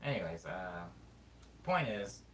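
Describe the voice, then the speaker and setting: A man from California with a Californian accent, chatting casually as a streamer, thinking aloud and reading chat in a rambling, drawn-out way. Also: low voice, big pitch swings. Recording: roomy sound, mic at a distance, faint background noise.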